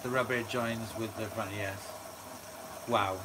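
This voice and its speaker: A man's voice: lowish voice, steady tone, slow pace, noisy background. A man hosting a live stream, chatting enthusiastically and reading out viewer comments with frequent fillers. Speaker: channel host. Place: indoors at home near a running washer.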